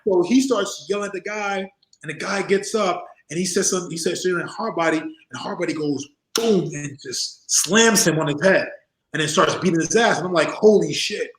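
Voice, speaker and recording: His voice sits high and his delivery is brisk as this forties-aged ex-wrestler recounts tales in a laid-back interview. Animated and quick to laugh, he acts out the voices of others. The recording is low quality and reverberant.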